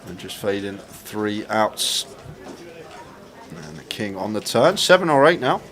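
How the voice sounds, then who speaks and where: A man co-commentating a poker live stream, calm and analytical, calling the odds and the results. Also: lowish voice, measured pace. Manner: relaxed, analytical play-by-play. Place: poker room at a live event. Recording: noisy crowd behind.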